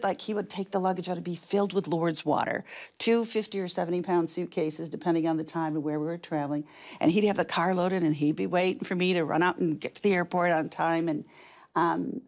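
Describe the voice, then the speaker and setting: An older woman speaking as an interview guest, her voice carrying a gravelly rasp at the ends of phrases. She tells her story in a lively, quick-moving way, full of small asides. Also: on the low side. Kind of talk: animated storytelling.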